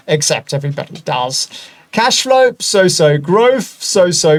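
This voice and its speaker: Male stock-channel host with a German accent, high-ish voice, excitable and chatty, squeaky bursts on the exciting bits, whispered asides. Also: a little slow. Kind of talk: screen-share stock analysis.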